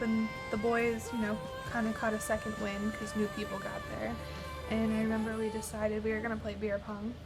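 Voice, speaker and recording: A woman calmly telling a fond memory of a friend for a memorial video. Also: fairly high pitch. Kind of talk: memorial interview reminiscence. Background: soft instrumental music.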